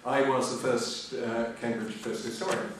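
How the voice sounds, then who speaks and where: A man's voice: medium pitch, flat delivery, moderate pace. A man in his sixties giving a lecture as a historian, hesitant and self-deprecating with many fillers. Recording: echoey hall from far off, faint noise.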